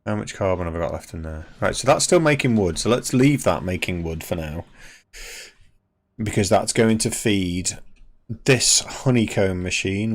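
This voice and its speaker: Male streamer, gravelly and lowish, casual play-by-play, talks to his machines. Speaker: game streamer. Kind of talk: casual gameplay commentary.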